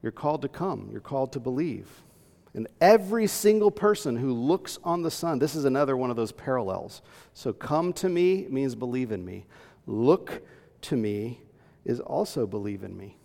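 A man preaching with a gravelly, creaky voice, reading verses and teaching with earnest emphasis. His voice carries a long reverb, as if in a large hall. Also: medium pitch, expressive, normal speed, warm tone. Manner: earnest teaching, reading scripture aloud, rising to emphatic peaks. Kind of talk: sermon.

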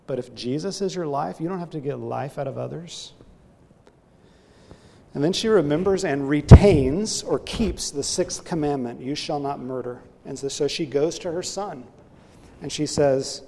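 A man's voice: a little high, unhurried, vocal fry, dark tone, long reverb tail, a little hiss or hum. A man preaching a sermon, earnestly illustrating his point with a story.

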